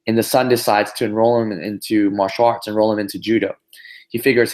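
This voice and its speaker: A man giving a motivational business talk on a group call, telling a story in an animated way with lots of "you know" and "right?". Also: lowish voice, quick pace. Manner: animated storyteller, many fillers and tag questions. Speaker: business trainer.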